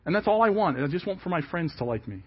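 Husky man preaching, lo-fi audio. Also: fairly high pitch, sing-song, fast talker. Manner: emphatic, drops to quiet at phrase ends. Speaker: pastor. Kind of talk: sermon. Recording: dull lo-fi church service audio.

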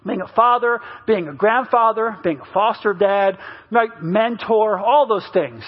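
A male pastor with a very high, husky voice delivers a humorous sermon, bouncing into quick impressions of his family. He is middle-aged and talks like a storyteller. The recording sounds muffled and slightly lo-fi. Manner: animated, mimics family members in stories.

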